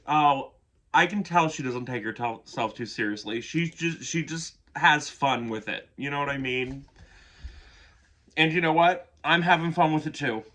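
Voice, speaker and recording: A man's voice: fairly high pitch, slow, pauses often, bright, forceful tone. A man giving casual reaction commentary on an album, gushing and chatty, who swears casually and keeps yawning. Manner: yawns often. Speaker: music reaction youtuber.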